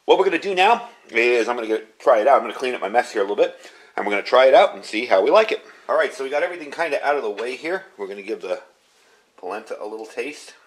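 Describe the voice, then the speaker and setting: This home cook, a man in his fifties, talks rapid-fire in a mid-range voice during a cooking demo. He keeps it chatty and easygoing, talking the whole time he cooks.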